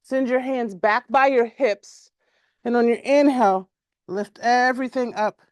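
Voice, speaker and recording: A woman teaching a yoga class, giving calm, measured cues timed to the breath and stretching out repeated words. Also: on the high side, no echo, studio quality. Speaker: yoga instructor.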